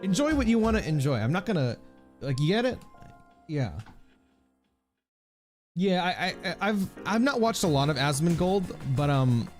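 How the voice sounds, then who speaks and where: A man's voice: sits high, sing-song, normal speed, long pauses, a little mellow, faint music behind. A young man from the Philippines chatting casually and rambling to his viewers while he streams a game. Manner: rambling, chatty, lots of fillers, laughs often. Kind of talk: casual live-stream chat while gaming.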